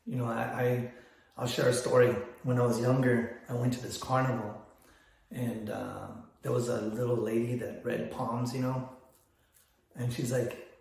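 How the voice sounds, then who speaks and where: A man's voice: medium pitch, little pitch movement, moderate pace, gravelly, darkish tone. An older man, telling stories in a casual vlog, rambling with frequent restarts. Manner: rambling, storytelling with many restarts. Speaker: photography business vlogger. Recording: very echoey room.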